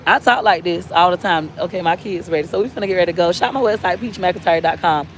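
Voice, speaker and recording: A woman and mother giving a blunt, profane parenting rant to her followers, rising to near-shouts for emphasis. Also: lowish voice, quick pace, a little hiss or hum. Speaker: mother and online seller. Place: inside a car.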